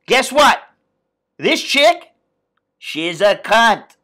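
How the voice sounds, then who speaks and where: American man vlogger, profane and blunt, ranting casually in a bright voice. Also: sits high, big pitch swings, drawn-out words, pauses often. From United States. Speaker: expat vlogger. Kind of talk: casual vlog rant.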